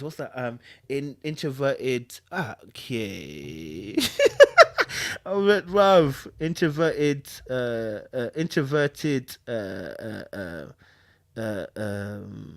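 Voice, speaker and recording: A young man hosting a casual livestream, reading comments from his chat. He talks in slang, gets excitable and laughs often. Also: mid-range voice, no room sound, studio quality. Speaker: livestream host.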